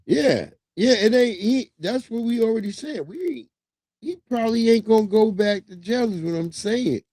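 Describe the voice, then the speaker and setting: Man, thirties, livestream host, animated and profane, pitch bouncing around, fairly high voice. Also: normal speed, no room sound. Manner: loose, profane, animated storytelling. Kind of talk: casual commentary on news clips.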